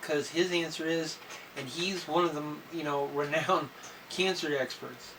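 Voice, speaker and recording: Man in a halting personal vlog. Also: on the high side, fairly even intonation, fairly bright tone. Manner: halting, emotional, many fillers. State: coughing, clearing throat. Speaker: vlogger. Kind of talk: personal video diary. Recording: slightly distant mic with faint noise.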